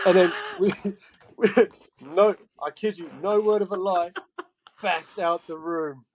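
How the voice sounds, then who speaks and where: A man in his twenties from England with a Geordie accent, a podcast guest telling animated stories and laughing often. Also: sits high, unhurried. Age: 20s. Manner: animated, laughing, acts out quoted voices. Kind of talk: casual storytelling chat.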